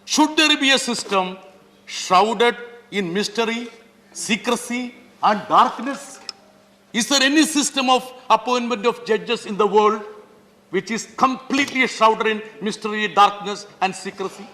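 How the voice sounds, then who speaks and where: A man's voice: high-pitched, unhurried, bright, forceful tone. A man with an Indian English accent, a member of parliament making an emphatic speech and repeatedly addressing the chair. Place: parliament chamber. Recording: long reverb of a large hall.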